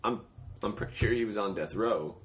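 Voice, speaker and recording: A man's voice: on the low side, a little fast, fairly bright tone, a little hiss or hum. A man hosting a podcast in loose, joking casual chat. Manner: loose, joking, swearing banter. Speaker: podcast host.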